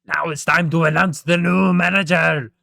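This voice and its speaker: A man voicing a greedy, blustery older male crab boss, announcing loudly in a vague put-on European accent. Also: on the high side, slow, gravelly, no echo, clean studio sound, voice pushed up, full character voice. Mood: grand announcing.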